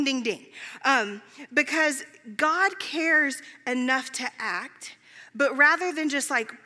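A woman preaching a sermon, telling stories in a conversational, animated way with filler words. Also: high voice. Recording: long hall reverb.

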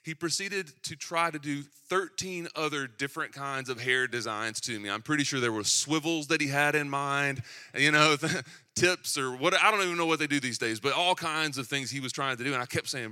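A man's voice: a little high, moderate pace, sharp tone, smooth. A young man from Tennessee with a Southern accent, preaching a sermon that opens with a self-deprecating personal story told in a conversational way. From Southeastern United States.

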